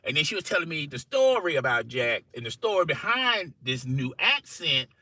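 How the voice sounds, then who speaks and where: Man telling a story, animated rising and falling voice, very bright tone, dry close sound. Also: fairly high pitch, moderate pace, no echo, poor audio. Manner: animated, repeats "you know" and "okay?". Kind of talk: casual story told to camera.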